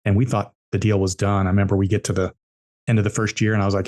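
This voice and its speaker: A man's voice: on the low side, level tone, very fast, darkish tone. A man, an entrepreneur guest on a podcast, telling business stories emphatically and repeating his key points. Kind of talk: storytelling interview answers.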